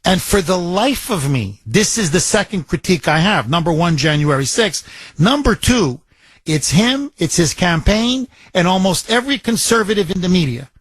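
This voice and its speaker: A man's voice: sits high, sing-song, normal speed, a bit bright, breathy edge, no echo. A man hosting a political talk radio show, delivering an impassioned, emphatic monologue full of repetition.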